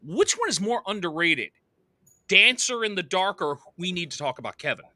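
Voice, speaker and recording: A man's voice: sits high, big pitch swings, sharp tone. A man hosting a podcast, eagerly asking his guest questions in a casual, upbeat way. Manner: eager, quick, upbeat interviewer. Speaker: podcast host. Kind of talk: casual interview.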